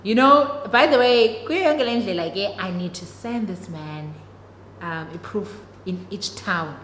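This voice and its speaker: Chatty South African woman, bright echoey voice. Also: mid-range voice, unhurried. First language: isiXhosa. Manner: chatty, dramatic storyteller addressing viewers. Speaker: vlogger. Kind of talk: story time vlog. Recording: echoey room, long reverb, faint noise.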